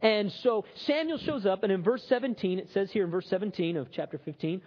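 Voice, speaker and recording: A man preaching a sermon in a conversational, animated way, slipping into characters to tell stories. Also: high-pitched, fairly quick. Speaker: pastor. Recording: slightly muffled recording.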